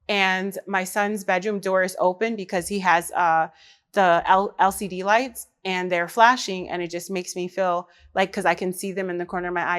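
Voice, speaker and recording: A woman, a mother, hosting her own podcast in casual chat, talking lively and straight to the women listening. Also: fairly low pitch, normal speed, clear, resonant tone. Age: adult mother. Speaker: podcast host.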